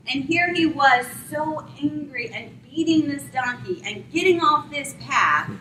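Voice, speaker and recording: A woman preaching a sermon, retelling a Bible story and acting out the characters in quick voices. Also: sits high, sharp tone, far from the mic, slight background noise. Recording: roomy sound from away from the mic.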